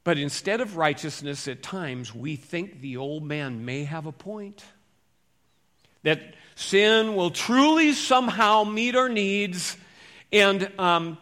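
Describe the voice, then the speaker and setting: A male pastor preaching a conversational sermon, moving between loud emphatic phrases and quiet, low asides. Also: expressive, takes it slowly.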